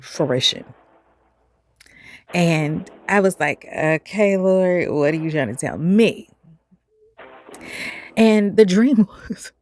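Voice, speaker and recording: A woman, telling a personal story to camera in an animated, expressive way. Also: lowish voice, no echo, studio quality. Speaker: vlogger.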